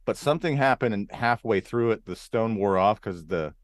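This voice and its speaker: A man from Arizona, a comedian guest, telling stories in a casual podcast chat with an animated delivery, now and then jumping into voices. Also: on the low side, normal speed, no room sound, studio quality. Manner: animated storyteller, jumps into character voices.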